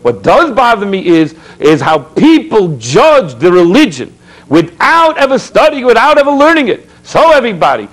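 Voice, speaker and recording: His voice sits high and fairly bright, swinging hugely in pitch while keeping a normal speed. The speaker, a rabbi on a public access TV show, preaches to viewers with rhetorical questions, exhortation and storytelling asides, recorded roughly.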